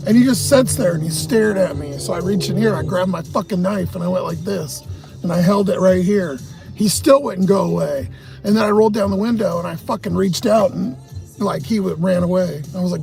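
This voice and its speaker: A livestream host with a high, fairly quick, creaky and slightly mellow voice tells a long, agitated story packed with swearing. It's a casual storytelling rant full of heavy cursing, with faint music playing behind him.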